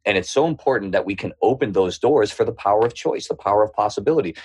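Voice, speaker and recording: Husky, low-voiced Boston man. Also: fast. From Boston area. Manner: lively, acts out quoted voices in his stories. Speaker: podcast guest. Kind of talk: storytelling interview.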